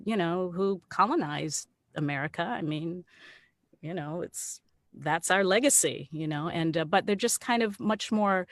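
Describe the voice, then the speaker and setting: A woman with a lower-pitched voice shares stories as a guest on a video call. She talks animatedly, laughs often and keeps stopping to restart her sentences. The sound is close and dry. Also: no room sound. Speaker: actor and guest. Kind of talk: casual storytelling on an online salon.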